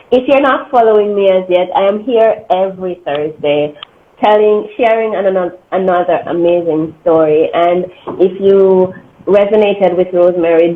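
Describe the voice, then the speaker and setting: A woman hosting an interview, an encouraging listener who often answers with short affirmations. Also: lowish voice. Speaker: host. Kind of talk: casual interview chat. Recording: tinny phone-like line with faint noise.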